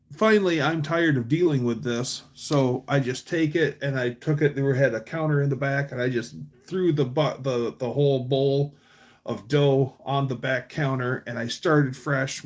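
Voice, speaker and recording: A man hosting a livestream, telling long casual stories with restarts and animated quotes. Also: medium pitch. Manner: rambling anecdotes with restarts, quotes voices animatedly. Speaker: livestream host.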